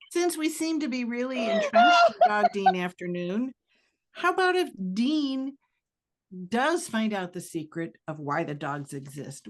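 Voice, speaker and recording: A woman fan panelist on a video call, speaking in a wry, animated way and laughing at her own ideas. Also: a little high. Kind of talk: casual video-call chat.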